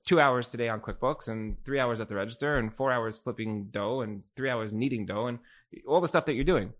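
A male teacher giving an informal class talk. He tells stories in a loose, conversational way and keeps dropping filler words as he goes. His pitch sits in an ordinary middle range. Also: a bit bright. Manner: casual and storytelling, with many "like" fillers.

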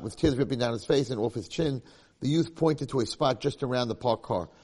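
A man's voice: mid-range voice, brisk, a little mellow. A man teaching a religious lecture, telling a moral story and repeating key points for emphasis. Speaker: Torah teacher.

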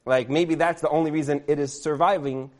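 Comic storyteller, man in his thirties, rambling and self-amused, voice a little high. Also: steady tone, a little fast. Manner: rambling, many "like" fillers, laughs at himself.

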